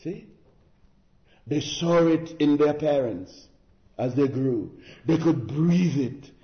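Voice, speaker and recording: Slow earnest preacher in echoey church. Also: male voice, on the high side, animated, lo-fi sound. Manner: earnest exhorting preacher, rhetorical questions, emphatic repetition. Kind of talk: sermon.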